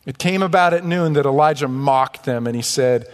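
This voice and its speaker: A man preaching a sermon in a church, animated, with mocking asides and rhetorical questions. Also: mid-range voice, normal speed, in a large hall. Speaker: pastor. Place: church sanctuary.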